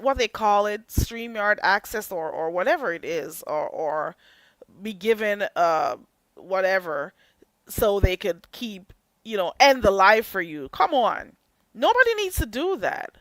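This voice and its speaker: A woman hosting a livestream, chatting casually to her viewers with animated outbursts and playful asides. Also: no echo. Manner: animated, chatty, drifts between low asides and loud outbursts; slips into Jamaican patois for comic effect. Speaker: livestream host. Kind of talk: casual commentary to live chat.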